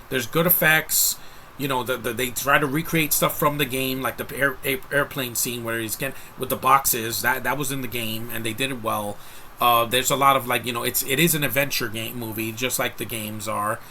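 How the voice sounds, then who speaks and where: A man's voice: mid-range voice, pushed and bright, a little hiss or hum. A man giving a casual, rambling film review, talking frankly to his viewers with frequent restarts. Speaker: movie reviewer.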